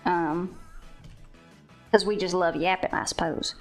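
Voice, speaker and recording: A woman's voice: on the low side, steady tone, a little slow, soft background music. A woman with a Southern US accent hosting a casual stream chat, rambling with lots of fillers and restarts.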